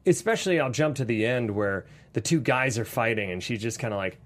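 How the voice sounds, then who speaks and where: Animated man riffing on a movie. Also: medium pitch, brisk. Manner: animated, acts out quotes in silly voices. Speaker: podcast co-host. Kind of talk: casual movie review chat.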